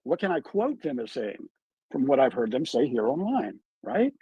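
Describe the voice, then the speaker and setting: A man's voice: medium pitch, sing-song, normal speed, husky, dry recording, muffled recording. A man giving true crime commentary on a live stream, emphatic and full of rhetorical questions, played back from his stream.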